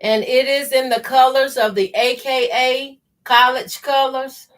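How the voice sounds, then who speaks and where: A woman's voice: high voice, fairly even intonation, a little slow. A middle-aged woman with a Southern country accent, chatting folksily on a live sewing stream and greeting viewers by name. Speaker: sewing channel host. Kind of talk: casual live-stream chat while sewing.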